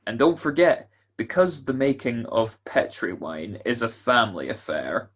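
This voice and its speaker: An actor playing a jovial male announcer of an old-time radio show, with a husky voice and folksy, salesman-like patter. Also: mid-range voice, expressive, a little slow. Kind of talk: 1940s radio acting.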